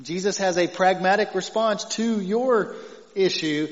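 Preaching a conversational sermon as pastor, a man with a Southern accent and a high voice talks a little slowly, chuckling frequently. When he quotes scripture he becomes loud and emphatic; the audio is lo-fi, from a church hall with dull, long reverb.

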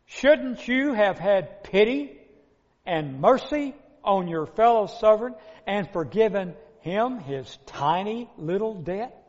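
A man's voice: high-pitched, animated, slow pace, darkish tone, heavily acted. A male preacher voicing a stern, commanding king in a retold parable, in a dull recording with long hall reverb. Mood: angry.

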